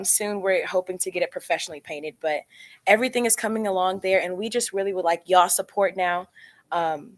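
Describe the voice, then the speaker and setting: Nervous young woman speaking off the cuff. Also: on the low side. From Frisco, Texas. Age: young adult. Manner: nervous, lots of um and like. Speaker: student leader. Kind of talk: unprepared remarks to a board.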